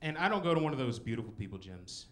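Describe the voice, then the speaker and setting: A man's voice: mid-range voice, very animated, fast, slight background noise. A man in his twenties doing a rambling, self-mocking stand-up set in a comedy club. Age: 20s. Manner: rambling, self-mocking, with frequent "you know" and "like".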